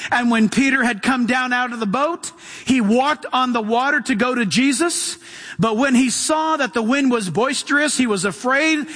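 Male pastor preaching, reads verses then calls out to the church, sharp voice, big reverb. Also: extremely high pitch. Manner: reads scripture then preaches with call-outs to the congregation. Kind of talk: sermon. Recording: long hall reverb.

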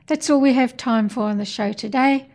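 A woman with a scratchy, hoarse voice hosting a radio reading show and giving a polite, measured sign-off. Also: a little high, a little mellow. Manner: measured, polite closing announcement.

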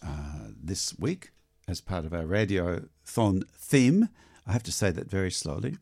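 A man's voice: deep voice, expressive, normal speed, creaky, darkish tone, breathy edge. A man presenting on community radio, chatting loosely between music pieces during a fundraising drive. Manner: chatty, loose, self-correcting. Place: radio studio.

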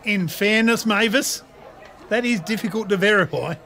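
An actor playing the narrator Darren, telling the story in a dry, wry way. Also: male voice, sits high, normal speed, sharp tone, a faint crowd.

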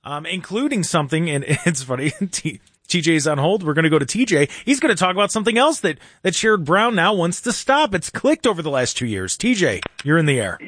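Sarcastic, husky-voiced talk radio host. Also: male voice, on the high side, sing-song, fairly quick, a bit bright, no echo. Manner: sarcastic, rambling with restarts. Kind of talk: casual talk radio banter.

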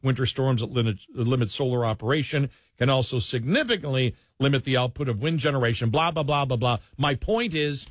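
A man's voice: medium pitch, a little fast, few pauses, no room sound, clean studio sound. A man hosting an opinionated political talk radio show, sarcastic and mocking as he riffs on the news. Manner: sarcastic, mocking, mimics opponents.

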